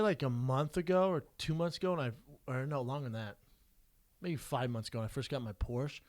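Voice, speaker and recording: Man, podcast co-host, mid-pitched voice, animated storyteller, blunt, swears a lot. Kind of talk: casual podcast chat.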